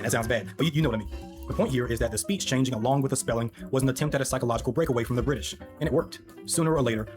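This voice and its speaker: A man reads a scripted history narration at a very fast clip, throwing in wry asides to the viewer. Clear background music plays under his voice the whole time. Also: mid-range voice.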